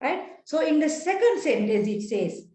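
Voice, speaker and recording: A woman's voice: sits high, very animated, normal speed, darkish tone. A woman lecturing in an online lesson, patiently repeating key points and checking in with frequent "right?" tag questions, heard through a computer mic on a video call. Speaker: university lecturer. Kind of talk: online research methods lesson. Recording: roomy echo.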